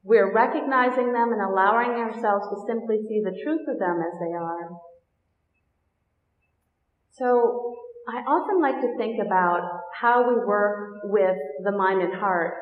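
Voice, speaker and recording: A woman meditation teacher giving a dharma talk to a group, gentle, unhurried and reflective. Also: medium pitch. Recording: echoey hall, dull lo-fi sound.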